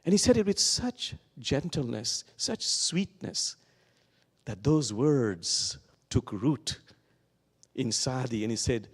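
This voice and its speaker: A man delivers a sermon in a big hall, and his voice rings on with a long reverb. His pitch moves in wide, lively swings as he tells his stories. He slows down and stretches out the words he wants to land. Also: husky. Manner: slow, lingering emphasis on key words. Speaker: guest speaker at a Sunday service. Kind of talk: sermon with storytelling. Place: church sanctuary.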